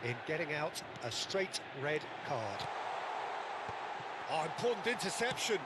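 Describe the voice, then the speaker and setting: A man voicing a lively play-by-play football commentator in a video game, excitable and rising to shouts on goals. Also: fairly high pitch, measured pace. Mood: excited. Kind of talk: scripted sports commentary. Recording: game audio under stream noise.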